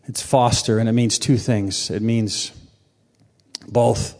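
Passionate preacher in a reverberant hall. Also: male voice, mid-range voice, fairly even intonation, slow. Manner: passionate, with sudden rises and soft drops. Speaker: pastor. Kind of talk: sermon.

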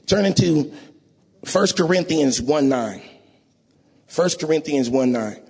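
A man preaching a sermon in a church, emotional and rising to sing-song shouts, often asking the congregation to agree. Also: fairly high pitch, lively intonation, slow pace, breathy edge. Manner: call-and-response, asks audience to agree.

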